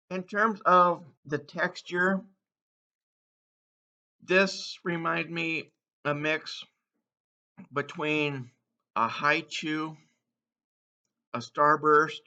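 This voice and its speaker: Guy doing a candy taste test vlog, super bright voice, talks real slow, keeps whooping, kinda muffled lo-fi sound. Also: a little high, steady tone. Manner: exuberant, whoops between bites, slow savoring remarks. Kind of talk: casual taste-test commentary.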